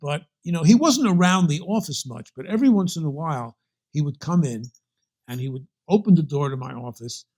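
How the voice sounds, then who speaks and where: Speaking fairly quickly in a fairly high, darkish, animated voice, this older Brooklyn-accented man tells long anecdotes as an interview guest. He rambles through them with plenty of restarts and asides.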